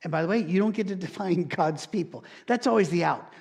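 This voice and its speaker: A man's voice: high-pitched, fairly quick, vocal fry, few pauses, a little mellow. A male pastor, preaching a sermon and telling stories with strong emphasis. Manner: storytelling, emphatic, mock-quotes others in shifted voices.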